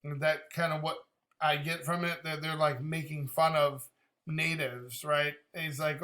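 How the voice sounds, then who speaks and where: A man talks through a song's lyrics in a loose, casual way, working out their meaning as he goes. His voice is bright and sits a little high. He laughs often and drops casual swears. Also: little pitch movement, unhurried. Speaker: reaction video host. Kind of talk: casual song reaction commentary.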